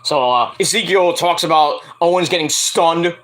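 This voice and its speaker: A man casually reviewing a wrestling show, animated, laughing often and swearing freely as he mocks what he watched. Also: a little high, normal speed. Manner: animated, laughing often, profane, playfully mocking. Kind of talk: casual reaction commentary.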